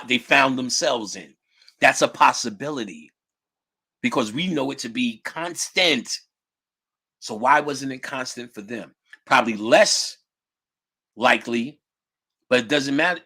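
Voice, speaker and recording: A man lecturing on spirituality who drifts into animated, profane storytelling and acts out the people he quotes. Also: mid-range voice, husky. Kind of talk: casual storytelling talk.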